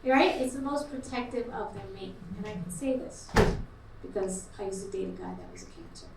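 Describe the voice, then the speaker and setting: A woman's voice: mid-range voice, noisy background. A middle-aged woman doing a brash, crude stand-up set in a small comedy club, laughing at her own punchlines. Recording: echoey club recorded from far off. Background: loud crowd laughter.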